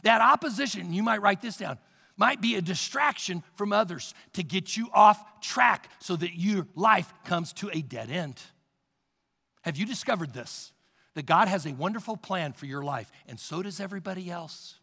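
Husky, gravelly high-voiced male pastor preaching. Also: lively intonation, moderate pace, long reverb tail. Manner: emphatic preaching, rising to shouts. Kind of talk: sermon.

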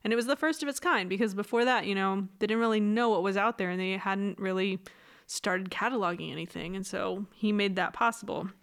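Woman, casual podcast host, jokey storyteller, silly quoted voices, mid pitch. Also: fairly quick, fairly bright tone. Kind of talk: casual history chat.

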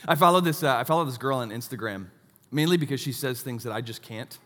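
A man in his thirties preaching a sermon, telling stories with self-mocking asides and a lively delivery. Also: medium pitch, quick pace, big-room sound. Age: 30s. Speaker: pastor.

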